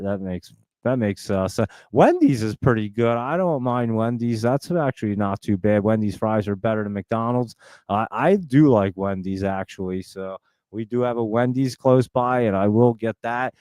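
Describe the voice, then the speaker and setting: A man hosting a live stock-market stream, talking very fast in a chatty, rambling way and laughing often. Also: lowish voice, a little mellow, no echo. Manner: talks extremely fast and nonstop. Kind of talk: casual live-stream chat.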